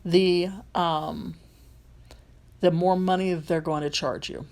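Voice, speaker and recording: A woman's voice: fairly low pitch, steady tone, slow, creaky, a little mellow. A woman with a light Southern accent, a rideshare driver and vlogger, talking casually through a phone tutorial, rambling with frequent ums and restarts.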